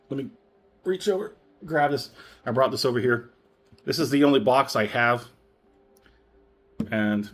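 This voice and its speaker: Rambling, chatty male whisky reviewer. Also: medium pitch. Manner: rambling, chatty, self-correcting, chuckles often. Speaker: spirits reviewer. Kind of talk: casual product review.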